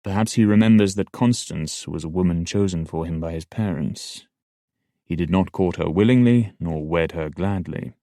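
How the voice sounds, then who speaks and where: A man voicing an older male court assassin in an audiobook, speaking in a measured, quiet, slow way. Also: deep voice, dry recording, clean studio sound. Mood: grave. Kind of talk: audiobook dialogue.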